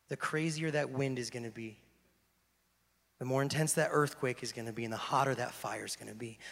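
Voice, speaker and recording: Gravelly-voiced man preaching in a reverberant hall. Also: mid-range voice. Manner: joking, animated storytelling that drops to hushed intensity. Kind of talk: casual sermon. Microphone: handheld microphone.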